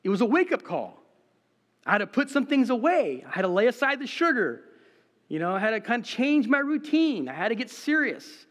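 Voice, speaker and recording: A middle-aged man preaching a sermon to cameras in an empty room, animated and conversational, with self-deprecating asides. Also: very high-pitched, a little fast, big-room sound. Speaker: pastor.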